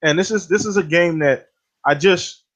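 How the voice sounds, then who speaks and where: A man's voice: sits high, moderate pace, a bit bright. A man co-hosting a casual gaming podcast, speaking bluntly with swearing and laid-back ranting. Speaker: podcast co-host. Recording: dull lo-fi audio.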